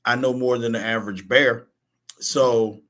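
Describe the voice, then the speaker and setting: A man's voice: medium pitch, steady tone, unhurried, a bit bright. Joking, rambling male talk radio co-host. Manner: joking, rambling storyteller with slang.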